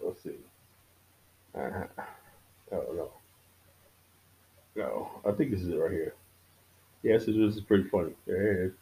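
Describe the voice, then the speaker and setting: A man's voice: low-pitched, expressive, measured pace, vocal fry, long pauses, dark tone, poor audio. A man talking straight to his audience in a casual, profane rant, blunt and defiant. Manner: blunt, defiant, swears freely.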